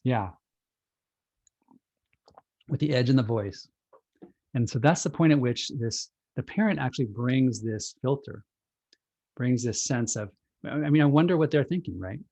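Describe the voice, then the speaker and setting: A man presenting his book on a video call, explaining ideas in a relaxed, reflective way through everyday analogies. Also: medium pitch, a little slow, long pauses, dry recording. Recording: dull lo-fi video call audio.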